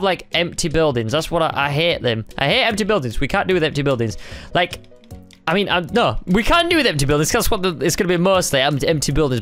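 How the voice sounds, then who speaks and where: A young man chatting excitably as he narrates a timed building game, thinking aloud in a casual commentary style. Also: fairly high pitch. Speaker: gaming YouTuber.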